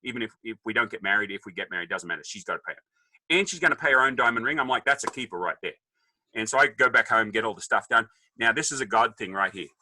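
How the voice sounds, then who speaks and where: Lively, bright-voiced Australian man. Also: lowish voice, fast, no echo, poor audio. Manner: animated, joking storyteller acting out dialogue. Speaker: podcast guest. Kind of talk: casual storytelling.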